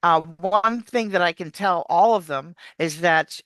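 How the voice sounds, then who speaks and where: A woman's voice: lowish voice, measured pace, no echo. An American woman, an accent coach, explaining pronunciation in an interview and showing sounds as she goes. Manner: animated, demonstrates sounds while explaining. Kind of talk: explaining on a video call interview.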